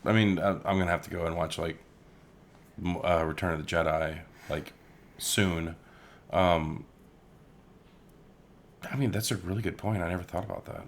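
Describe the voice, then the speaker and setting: A man's voice: sits low, steady tone, moderate pace, pauses often. A man co-hosting a podcast in casual chat, telling stories in a laid-back way with casual swearing. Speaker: podcast co-host.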